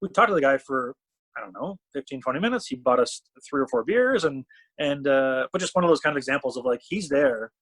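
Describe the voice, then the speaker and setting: Canadian-raised guy rattling off stories quick, husky voice, acts out all the quotes. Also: medium pitch. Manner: animated storyteller, acts out quotes. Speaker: talent management CEO, podcast guest. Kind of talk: casual storytelling chat.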